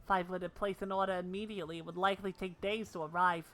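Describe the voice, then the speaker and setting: Lady doing a nervous little cook guy, low soft worried voice, bright tone. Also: steady tone, fast talker, natural voice. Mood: fretful.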